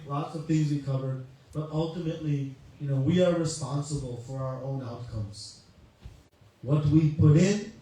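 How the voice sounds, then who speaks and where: A man's voice: medium pitch, warm tone. A man, a spiritual teacher, giving a conversational sermon with a story. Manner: conversational, uses many "you know" asides. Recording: echoey hall, mic far off, faint ambience.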